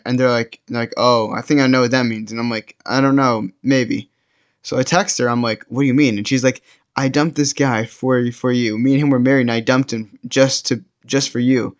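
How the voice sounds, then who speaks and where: A man's voice: medium pitch, lo-fi sound. A teenage boy telling a personal story in a casual, rambling way, full of fillers and restarts. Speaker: storytime vlogger.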